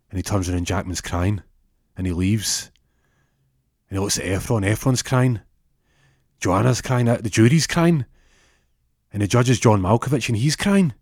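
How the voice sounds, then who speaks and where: Man, comic storyteller, rambling and stumbling, low voice, dry close sound. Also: normal speed, long pauses, a little mellow, no room sound. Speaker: comedic storyteller.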